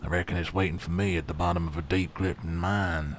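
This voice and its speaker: A man's voice: low-pitched, steady tone, fast talker, music in the background, close to an everyday voice. A man voicing a drawling raccoon prospector. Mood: folksy. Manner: old-timey drawl, says "partner" and "reckon". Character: folksy male raccoon prospector, dreamy and wistful. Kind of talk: AI-voiced game character.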